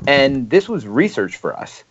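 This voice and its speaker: A man's voice: medium pitch, sing-song, measured pace. A man, a board game designer co-hosting a podcast live stream, talking in an easygoing way. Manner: easygoing, laughs along. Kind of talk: casual live stream chat. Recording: dull lo-fi stream audio.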